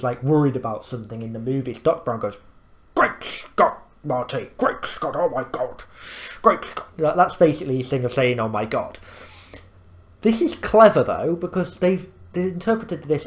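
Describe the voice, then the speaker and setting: A man's voice: on the high side, darkish tone. A man hosting a reaction video, explaining things in rambling casual commentary full of fillers and restarts.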